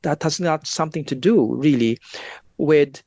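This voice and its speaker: A man's voice: a little high, a little slow, gravelly, a little mellow, no echo. A man being interviewed as a guest researcher, explaining at length in a casual, discursive way with frequent asides.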